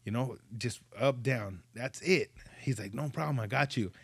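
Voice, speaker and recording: A man's voice: mid-range voice, moderate pace, vocal fry, husky, dry recording. A man hosting a podcast, casually telling profane stories and acting out the dialogue. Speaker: podcast host. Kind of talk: casual chat.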